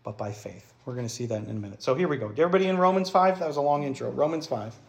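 A male pastor preaching a teaching sermon. He keeps asking the congregation questions, slows right down on key phrases and hurries through asides. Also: mid-range voice, animated, gravelly, a little mellow, roomy sound, dull audio. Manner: engages the congregation with quick questions, teaching and explaining; varies pace widely, slowing on key phrases and rushing asides.

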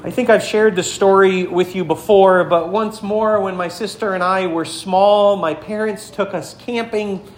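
A man's voice: sits high, fairly even intonation, measured pace, few pauses, faint music behind. A male pastor preaching a sermon in a conversational, storytelling way, speaking straight to his congregation. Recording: echoey room, faint background ambience.

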